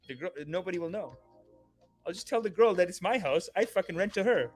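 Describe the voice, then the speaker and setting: A young man hosting a comedy podcast, riffing in a profane, animated way. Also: a little high, fast, faint music behind. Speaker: podcast host.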